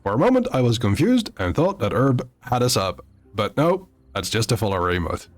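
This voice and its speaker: A man chatting to viewers on a live game stream, halting often with fillers and restarts. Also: mid-range voice, sing-song. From Netherlands. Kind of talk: live gameplay stream chat.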